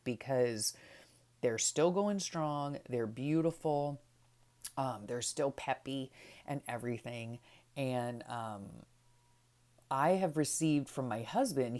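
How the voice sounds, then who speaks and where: A middle-aged woman chatting casually as she flips through her craft journal, rambling and letting her sentences trail off softly. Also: rumbling low. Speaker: craft vlogger.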